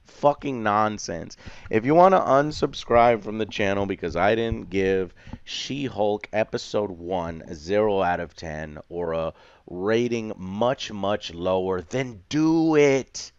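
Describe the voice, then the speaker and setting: A man's voice: on the low side, slow, clean tone, no echo, muffled recording. A man reviewing a show online, ranting passionately and swearing. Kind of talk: heated video commentary.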